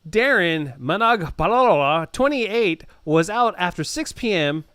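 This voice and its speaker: Male podcast co-host, animated, high-pitched, casual news reader, dry close recording. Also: unhurried, smooth, no echo. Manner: laughs often, stumbles and repeats words.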